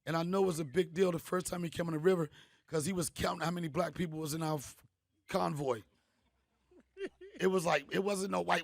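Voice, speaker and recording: A middle-aged man, a comedian host, telling stories in a punchy, animated way. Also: on the high side, a little fast, gravelly, no room sound. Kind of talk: storytelling monologue.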